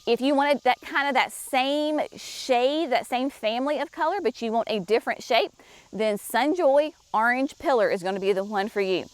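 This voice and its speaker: A woman with a fairly high voice and moderate pace shows off shrubs at a garden nursery. She talks chattily and enthusiastically straight to her viewers, walking them through the plants.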